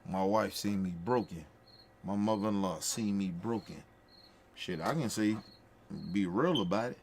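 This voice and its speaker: A man's voice: fairly low pitch, normal speed, darkish tone, slight background noise. A man talking in a casual, emphatic way, repeating his points with heartfelt, profane conviction as a podcast host. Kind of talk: casual storytelling chat.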